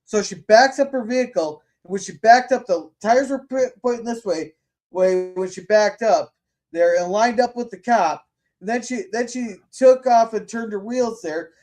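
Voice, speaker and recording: High-voiced guy ranting on a podcast, cussing, tripping over his words. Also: moderate pace, a little mellow. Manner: blunt, profane, stumbling restarts. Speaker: podcast host. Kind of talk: casual opinionated chat.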